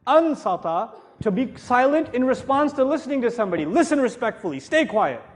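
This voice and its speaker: A man's voice: very high voice, big pitch swings, brisk. A middle-aged man giving a religious lecture to a live audience, conversational and joking, then rising into emphatic passages. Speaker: Islamic speaker.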